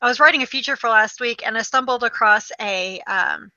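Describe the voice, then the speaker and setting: Female podcast co-host, higher pitch, chatty and questioning, dry close sound. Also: brisk, bright, forceful tone, dry recording. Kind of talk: casual chat. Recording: muffled lo-fi mic.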